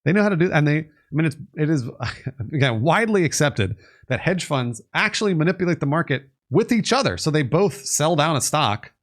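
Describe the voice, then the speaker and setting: A man casually explaining on a live stream, reading bits of articles aloud and rambling with restarts and the odd curse word. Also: a little high. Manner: rambling, reads articles aloud, restarts and fillers, occasional swearing.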